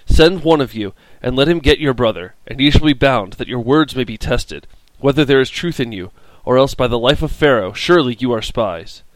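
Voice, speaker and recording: A man's voice: mid-range voice, expressive, a little fast, hardly any pauses, dry recording, natural voice, poor audio. A man reading the lines of a stern Egyptian governor who tests his brothers, in a formal commanding tone, in a dry recording. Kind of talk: scripted scripture reading.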